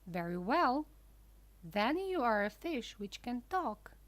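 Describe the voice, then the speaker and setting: A woman voicing a gruff, greedy fisherman who speaks bluntly. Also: a little high, very animated, slow pace, no echo. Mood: mocking.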